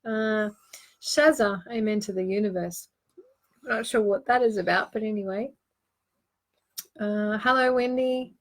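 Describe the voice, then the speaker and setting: A woman's voice: mid-range voice, measured pace, pauses often. A woman hosting a live online card-reading show, giving earnest, reassuring advice with plenty of ums and restarts. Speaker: host and tarot card reader.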